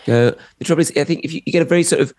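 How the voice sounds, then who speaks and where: A man's voice: a little high, rapid-fire, a little mellow. A middle-aged man, a comedian co-hosting a podcast, chatting in a playful, gossipy way. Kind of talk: casual chat.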